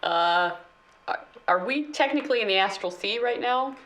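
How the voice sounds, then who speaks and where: A woman playing in a tabletop game, asking quick, lively questions in casual banter. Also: medium pitch. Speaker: player.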